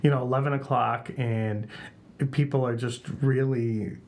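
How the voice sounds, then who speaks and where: A man hosting a casual home podcast, relaxed and joking, laughing often. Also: medium pitch, unhurried, creaky. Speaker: podcast host. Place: home podcast room with blankets on walls.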